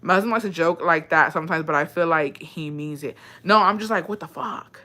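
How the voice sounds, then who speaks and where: A woman's voice: low-pitched, a little fast, sharp tone. A woman chatting casually and bluntly, swearing freely and dropping Spanish phrases into her talk. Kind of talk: casual chat.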